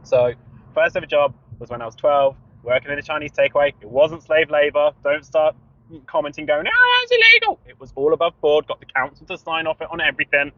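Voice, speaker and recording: A man co-hosting a podcast in casual chat, telling stories in an animated way and laughing often, recorded inside a car. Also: a little high, a little fast, dry recording. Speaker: podcast co-host. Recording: dull lo-fi recording.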